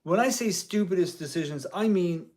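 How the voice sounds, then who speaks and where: A man's voice: sits high, lively intonation, moderate pace, a little mellow. A man hosting a guitar channel, talking casually and indignantly to the camera in a rambling way as a part-time music teacher.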